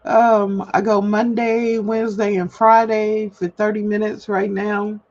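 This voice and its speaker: A woman's voice: medium pitch, flat delivery, measured pace, a little mellow. A woman hosting a solo livestream, talking candidly and chattily to her viewers and laughing at herself, recorded at home. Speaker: livestream host. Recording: dull lo-fi livestream audio.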